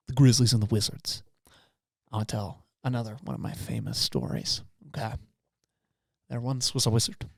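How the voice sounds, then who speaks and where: A man co-hosting a comedy podcast, telling rambling comic stories that swing between loud bursts and quiet asides. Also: mid-range voice, creaky, no room sound, clean studio sound. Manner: rambling animated storytelling, swings loud and soft. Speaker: podcast co-host.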